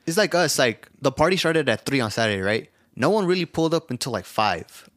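A man's voice: mid-range voice, a little fast. A young man co-hosting a podcast, telling a rowdy story in casual chat, laughing often and acting out the lines he quotes. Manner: laughing, animated storyteller who acts out quotes. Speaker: podcast co-host.

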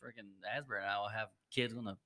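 Teasing middle-aged podcast co-host. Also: male voice, fairly low pitch, steady tone, rapid-fire, sharp tone. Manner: storytelling, teasing, laughs. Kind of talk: casual sports chat.

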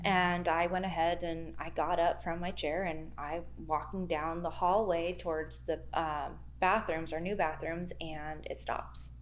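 A woman's voice: lowish voice, fairly even intonation, a little slow, hardly any pauses, a little hiss or hum. A woman guest telling a spooky workplace story in a podcast interview, acting out the quoted dialogue with big jumps in her voice. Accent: American Midwest. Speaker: guest, library archives worker.

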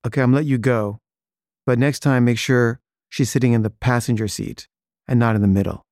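A man's voice: mid-range voice, fairly even intonation, brisk, darkish tone, dry recording, studio quality, natural voice. A man voicing a curt male police officer who gives blunt commands.

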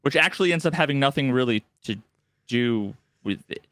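A man co-hosting a casual gaming podcast, telling a story with lively shifts and acting out game characters' lines. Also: medium pitch, fairly quick, no room sound. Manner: animated storyteller, acts out game dialogue in raised voices. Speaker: podcast co-host.

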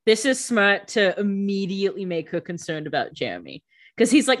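Lively, joking woman podcast co-host. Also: medium pitch. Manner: playful and profane, quick jokey asides. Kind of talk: casual chat.

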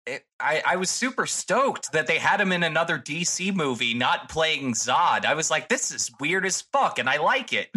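Guy on a movie podcast, kinda high bright voice, swears a lot and jokes around. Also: normal speed. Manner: animated, profane, joking. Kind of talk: casual podcast chat.

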